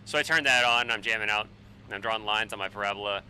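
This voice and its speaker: A man in his forties, a bit tipsy on wine, rambling and swearing excitably while chatting on a flight sim live stream. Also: fairly low pitch, very fast, slight background noise, low-quality recording. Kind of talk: casual live-stream chat while flying.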